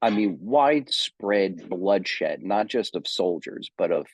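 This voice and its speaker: A man's voice: low-pitched, animated, slow, husky, dry recording. A man giving an unscripted seminary lecture on theology, thinking aloud with many ums and self-corrections.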